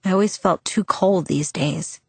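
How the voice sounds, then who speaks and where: Low-voiced woman narrating a novel. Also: creaky, slightly rough, no echo. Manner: measured, introspective. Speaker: audiobook narrator. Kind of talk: first-person novel narration.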